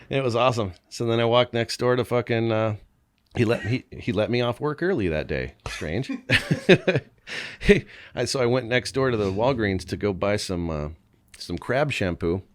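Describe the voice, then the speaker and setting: A man, a podcast guest, telling crude anecdotes in a casual, animated way, swearing often and laughing as he goes. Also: medium pitch, normal speed. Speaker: podcast guest, band member. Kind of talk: casual storytelling.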